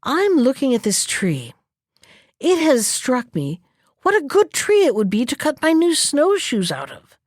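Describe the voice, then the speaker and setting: Lady doing a sly fox guy, smooth and coaxing, storybook, dry sound. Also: sits high, wildly swooping pitch, measured pace, no echo, pitched above the performer's own voice, exaggerated voice. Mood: wheedling. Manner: smooth, wheedling, mock-regretful. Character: sly scheming male fox.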